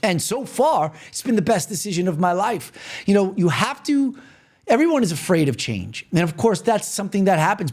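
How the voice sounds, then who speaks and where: A man's voice: high voice, big pitch swings, normal speed, darkish tone. A man from New York hosting a podcast, talking earnestly and repetitively straight to the listener in a motivational monologue. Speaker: podcast host.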